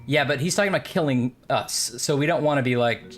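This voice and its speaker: A male streamer talking through a story game with a friend, casual and joking as he reasons out loud. He muses over choices and drifts into silly asides. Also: medium pitch, brisk, faint music behind. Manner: joking, musing, thinking aloud. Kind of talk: casual let's play chat.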